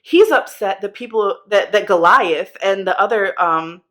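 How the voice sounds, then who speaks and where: A woman telling a Bible story to kids in a chatty, slangy, animated way. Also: medium pitch, a little slow. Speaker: children's Bible teacher.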